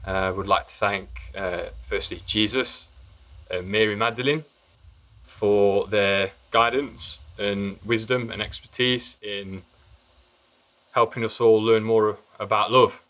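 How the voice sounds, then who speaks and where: A man's voice: fairly low pitch, steady tone, takes it slowly, fairly bright tone, low-quality recording. A young man from Barbados giving casual thanks on camera and laughing easily. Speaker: training programme participant.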